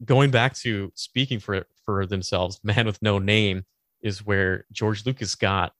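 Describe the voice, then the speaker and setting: Rambling low-voiced man on a podcast. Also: fairly even intonation, measured pace, a bit bright, no room sound, studio quality. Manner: rambling, restarts often, laughs easily. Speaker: podcast co-host. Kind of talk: casual chat.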